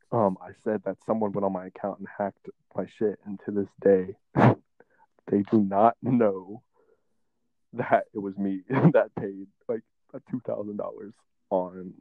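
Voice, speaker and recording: A man's voice: lowish voice, steady tone, slow, long pauses, no room sound. A young man co-hosting a podcast, chatting loosely in slang and laughing often. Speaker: podcast co-host. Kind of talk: casual podcast chat. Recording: tinny phone-like sound.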